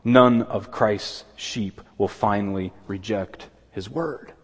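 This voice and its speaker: Male pastor, earnest sermon, husky low voice, long hall reverb. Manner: earnest preaching with quick asides, voices objections in a higher pitch. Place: church sanctuary.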